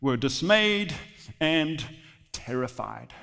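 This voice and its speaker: A man preaching a sermon in a church, telling the story with animated, joking asides. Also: medium pitch, slow pace, vocal fry, big-room sound. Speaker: pastor.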